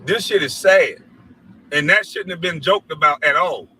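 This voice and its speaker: A middle-aged man rants into his show with a high, bright, cutting voice. He swears freely and preaches at his listeners. Now and then he mimics other people in an even higher voice. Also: normal speed, slightly rough, poor audio. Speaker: show host. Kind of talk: heated commentary rant.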